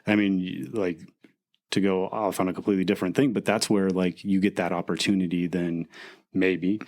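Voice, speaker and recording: Low-voiced man rambling in casual chat. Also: little pitch movement, brisk, darkish tone. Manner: rambling, full of restarts and "like". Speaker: podcast co-host. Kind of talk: casual faith-based chat.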